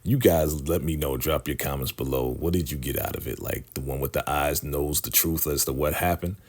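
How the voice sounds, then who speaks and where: Very deep-voiced man recapping an episode. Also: moderate pace, darkish tone. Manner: loose and chatty, full of "you know" and "right?". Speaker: TV recap host.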